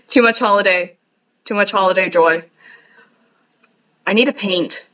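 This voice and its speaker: A woman's voice: mid-range voice, a little slow, pauses often, fairly bright tone, far from the mic, muffled recording. A young woman streamer chatting casually, rambling and giggling at herself. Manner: giggly, rambling, self-mocking. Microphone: headset.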